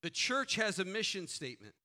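Man preaching as pastor: high-pitched, bright, earnest delivery with repeated questions. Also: sing-song. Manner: earnest, rhetorical questions, frequent restarts; prays quietly and slowly. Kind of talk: sermon.

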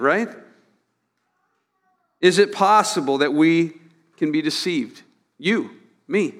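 A man's voice: sits high, bright, forceful tone. Male pastor preaching in a reverberant hall. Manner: conversational preaching with repeated words and rhetorical questions. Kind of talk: sermon.

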